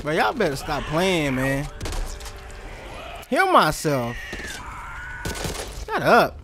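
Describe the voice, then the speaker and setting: A man giving funny gameplay commentary, excitable and slangy, reacting to the game with jumpy exclamations. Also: on the high side, slow. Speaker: gaming commentator. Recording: game gunfire noise behind the voice.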